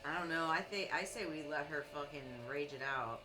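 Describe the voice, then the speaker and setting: A woman's voice: deep voice, fairly quick, over music, poor audio. A woman player joking bluntly in casual chat during a tabletop game.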